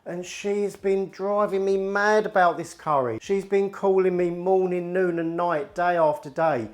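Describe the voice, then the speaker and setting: A man's voice: sits high, fairly even intonation, unhurried, few pauses. A man hosting a home cooking video, chatting casually and joking to the camera. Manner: chatty, jokey, talks to camera in asides. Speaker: cooking channel host. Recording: music playing underneath.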